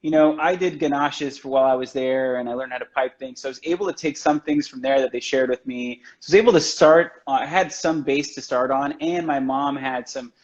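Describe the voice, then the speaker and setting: A man's voice: mid-range voice, fairly quick, hardly any pauses. Chatty man on a muffled livestream. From United States. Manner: chatty, loose, heavy on "like" and "you know". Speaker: chocolatier guest. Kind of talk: casual storytelling chat. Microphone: video call from home. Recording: dull lo-fi livestream audio.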